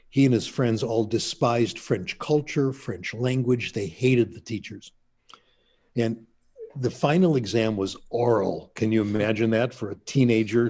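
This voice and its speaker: An older man telling stories in an easygoing interview. His voice is mellow and a little husky. He wanders through anecdotes with asides. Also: fairly low pitch. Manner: chatty anecdotal storyteller, laughs at himself. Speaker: interview guest, linguist. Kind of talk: casual storytelling.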